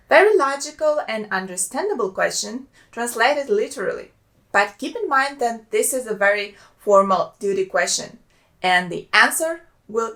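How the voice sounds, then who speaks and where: A woman with a Russian accent, a native Russian speaker, teaching a language lesson and slowly repeating each example phrase. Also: fairly high pitch, fairly bright tone. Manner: slow careful repetition of example phrases.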